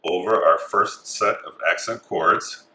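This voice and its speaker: A man calmly talking through each step of a craft tutorial as he works with his hands. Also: low-pitched, unhurried, slight background noise. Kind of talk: step-by-step instruction. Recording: echoey room.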